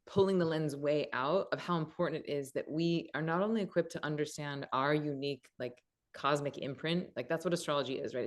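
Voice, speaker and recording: A woman hosting a casual conversation, enthusiastic and warm, her speech flowing with frequent filler words. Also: deep voice. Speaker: host. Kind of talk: casual chat.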